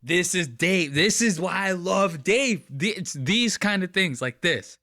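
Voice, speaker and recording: A man's voice: high-pitched, animated, unhurried, bright, forceful tone, no echo, studio quality. A man hosting a podcast, reacting to clips in a loose, rambling, giddy way. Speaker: podcast host. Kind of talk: casual commentary on clips.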